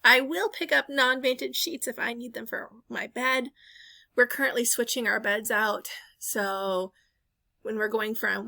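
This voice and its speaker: Bright chatty woman reseller. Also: a little high, fairly even intonation, unhurried, vocal fry, no echo. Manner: rambling, chatty, self-correcting, with fillers. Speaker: reseller vlogger. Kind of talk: casual voice-over chat.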